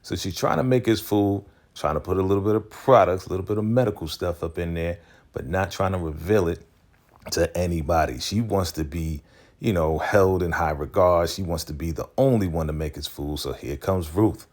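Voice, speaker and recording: Deep-voiced man recapping a TV episode. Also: a little mellow. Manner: acts out characters' lines in quick quoted voices; slangy, chatty, laughs often. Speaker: TV recap host.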